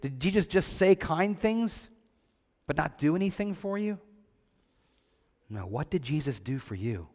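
A man, a pastor, reads a scripture passage and then gives a children's sermon. He asks the kids questions and answers them himself, and he slows down on the key points. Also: a little high, sing-song, a little mellow, in a large hall. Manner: slow and deliberate on key points.

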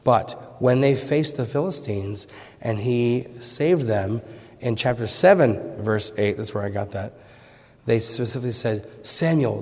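A man delivers a sermon in a mid-pitched voice, pressing his listeners with loud rhetorical questions before dropping to hushed, urgent pleas. His voice trails off into the long reverb of a large church hall. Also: unhurried. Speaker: pastor.

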